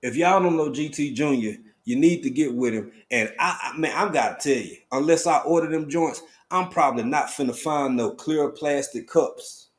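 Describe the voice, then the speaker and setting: Speaking at a normal speed with few pauses, a slightly high-voiced man hosts a laid-back live stream in a drawl, greeting his viewers by name and now and then bursting out excitedly.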